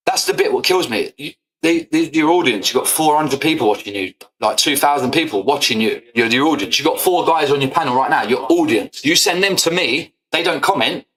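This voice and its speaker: A man's voice: a little high, expressive, fairly quick, a bit bright. A young man, ranting angrily at a fellow streamer, swearing often and calling him out. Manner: angry, confrontational, swears often. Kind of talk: heated rant.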